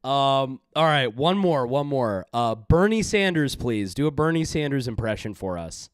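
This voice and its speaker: A man's voice: medium pitch, expressive, normal speed, dry recording. Guy hosting a stream, rambly, crude, dry mic. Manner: rambling, crude jokes, filler-heavy. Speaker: stream host. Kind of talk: casual stream banter.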